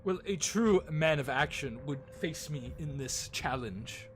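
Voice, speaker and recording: A man's voice: on the high side, animated, unhurried. A man doing a boastful jolly gambler. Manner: pompous, talks of himself in third person. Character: boastful jolly male gambler, showy and proud.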